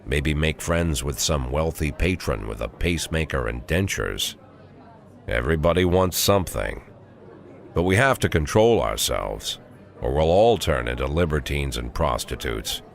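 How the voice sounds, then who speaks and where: Here the voice rumbles low and creaks, a little slow but lively in intonation, a full character performance by a man. He plays a sixty-year-old police chief, gruff, cynical and weary of the world, whose dry, sardonic inner thoughts narrate the game.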